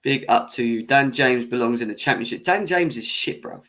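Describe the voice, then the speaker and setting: A man's voice: mid-range voice, moderate pace, fairly bright tone. A young man hosting a football fan live stream, hot-tempered and swearing as he argues with viewers in the chat. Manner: heated, swearing, arguing with chat; laughs off his own bias. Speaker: football fan channel host. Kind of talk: live-stream match reaction rant.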